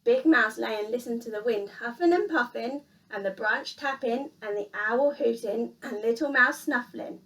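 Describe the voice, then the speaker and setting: A woman reading a children's picture book aloud in an expressive, sing-song storyteller manner. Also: a little high, normal speed, few pauses, distant mic.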